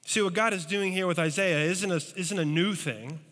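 A man preaching a sermon as pastor, telling stories with animated, acted-out voices. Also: high voice, moderate pace, long reverb tail. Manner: animated storytelling, acting out scared voices.

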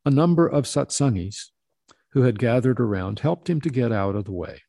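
A man narrating a story in a steady, deliberate reading voice. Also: medium pitch, creaky, dry recording.

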